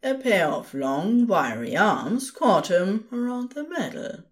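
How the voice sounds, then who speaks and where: A woman narrating a podfic in a gentle, expressive storytelling manner. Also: lowish voice.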